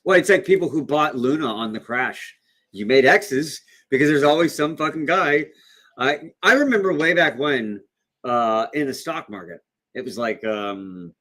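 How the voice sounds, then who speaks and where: A man's voice: medium pitch, sharp tone. A man co-hosting a casual livestream chat, laughing often and swearing casually. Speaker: co-host.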